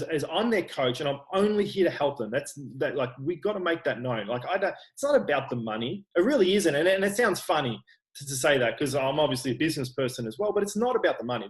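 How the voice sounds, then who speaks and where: A man's voice: on the high side, low-quality recording. An Australian man, a personal trainer, talking frankly and earnestly in a casual interview, often restarting his sentences. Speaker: online personal trainer, guest.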